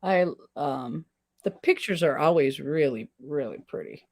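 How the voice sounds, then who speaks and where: A lower-voiced woman chats in a relaxed, agreeable way while she paints, often murmuring assent as the other person talks. The sound is dry and close, with no room echo. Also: unhurried. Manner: relaxed, agreeable, many backchannels. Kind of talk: casual chat while face painting.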